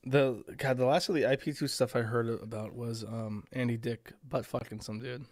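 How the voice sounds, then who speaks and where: A man in an easygoing podcast chat, his voice in the middle of the usual pitch range. He tells stories in a profane, sardonic way. The audio is dry and close, with no room sound. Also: steady tone, normal speed, a little mellow, dry recording. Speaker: interview guest. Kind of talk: casual podcast conversation.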